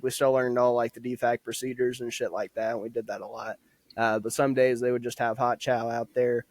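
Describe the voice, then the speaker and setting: A man's voice: medium pitch, no echo. Young man, podcast guest, casual storyteller, laughs a lot and swears; dry close recording. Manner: laughs often, swears freely. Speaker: podcast guest, former soldier.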